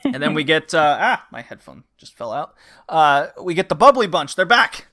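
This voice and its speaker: A man hosts a casual podcast and recaps wrestling shows with lively energy. His voice sits fairly high and sounds bright and forward, and he jumps into put-on voices to act out the wrestlers' lines. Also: moderate pace. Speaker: podcast host.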